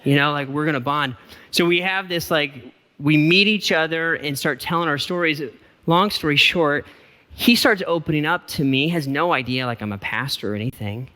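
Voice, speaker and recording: A middle-aged man, a pastor, telling a story in a casual, self-deprecating, animated sermon in a church. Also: on the high side, moderate pace, in a large hall. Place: church auditorium.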